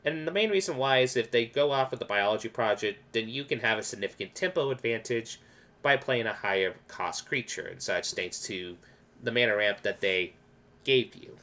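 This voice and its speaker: This man speaks at normal speed in a medium-pitched voice that sounds pushed and bright. He's a gaming video creator casually walking through card game tips, explaining as he rambles, with restarts and quoted asides.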